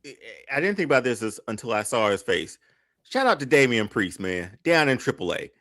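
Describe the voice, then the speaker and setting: A man's voice: mid-range voice, brisk, no room sound, studio quality. A man co-hosting a podcast, chatting casually and rambling a little as he searches for words. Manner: relaxed, rambling, repeats words while searching for phrases. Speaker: podcast co-host. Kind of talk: casual wrestling chat.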